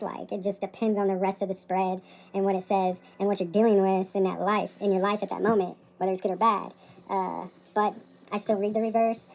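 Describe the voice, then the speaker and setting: A woman's voice: mid-range voice, a little mellow, a little hiss or hum. A woman reading tarot at her table late at night, talking in a loose, rambling, self-interrupting way. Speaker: tarot reader. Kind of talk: rambling casual vlog.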